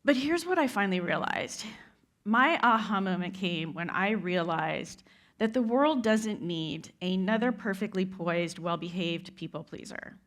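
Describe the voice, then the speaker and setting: A woman's voice: mid-range voice, animated, measured pace. A woman delivers a motivational talk on stage. She tells her story with heartfelt conviction and often turns to address the listeners directly. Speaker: keynote speaker. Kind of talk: inspirational speech. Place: event stage before a live audience.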